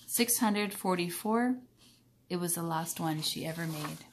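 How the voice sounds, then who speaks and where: A woman reads a children's novel aloud at a calm, steady pace. Her voice sits on the lower side, and her storytelling stays even and unhurried. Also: a little hiss or hum. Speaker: reader.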